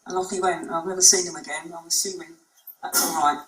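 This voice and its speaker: In a presentation room, a female clinician delivers a conference talk conversationally and unhurriedly, often saying um, though her fairly low, fairly bright voice moves at a quick pace. The room echoes and the microphone sits far away.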